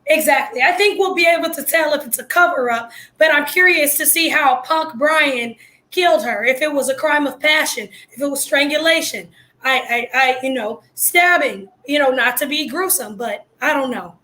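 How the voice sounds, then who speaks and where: A woman with a high, bright, sharp voice gives blunt, slangy commentary on the news. She sounds excitable and a little strained, as if she is losing her voice. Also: normal speed. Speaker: video host commenting on news. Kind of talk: casual live commentary.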